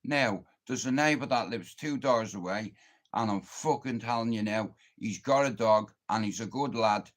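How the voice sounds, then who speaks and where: A man's voice: fairly low pitch, moderate pace. An Irish man livestreaming, telling a long, confrontational story full of swearing and boasting. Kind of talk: casual storytelling rant.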